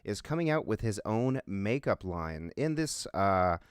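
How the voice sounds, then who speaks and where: Male co-host, low smooth voice, halting news reader. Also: very animated, dry recording, studio quality. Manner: halting, filler-heavy delivery. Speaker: co-host reading news items. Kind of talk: casual podcast banter.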